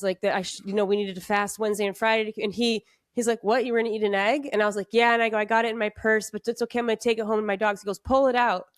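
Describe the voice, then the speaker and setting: A woman's voice: medium pitch, dry recording, studio quality. A woman hosting a podcast, chatting in a rambling way with lots of fillers and restarts. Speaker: podcast host. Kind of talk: casual chat.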